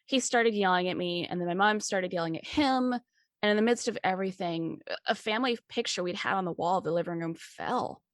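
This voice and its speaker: A woman voicing a frightened teenage boy who talks in a trembling, halting way with stammers. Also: mid-range voice, no room sound, studio quality, close to an everyday voice. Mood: shaky. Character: scared teenage boy, shaky and strung out.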